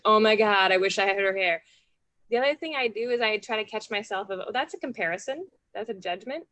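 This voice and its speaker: A woman's voice: medium pitch, no room sound. Earnest, heartfelt woman speaker, dry sound. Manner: earnest, quick, heartfelt, laughs often. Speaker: guest speaker. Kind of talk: motivational talk to a group.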